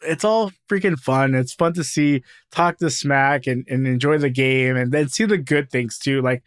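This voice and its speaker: A man's voice: medium pitch, moderate pace, clean tone, dry recording, clean studio sound. A man co-hosting a podcast in casual sports chat, enthusiastic and playful, often repeating words as he talks. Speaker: podcast co-host.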